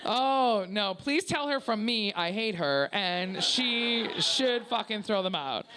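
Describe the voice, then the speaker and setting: Brash, bright-voiced woman doing stand-up. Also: medium pitch. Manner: crude, brash, laughing at her own jokes. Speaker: stand-up comedian. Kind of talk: stand-up set. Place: small comedy venue with live audience.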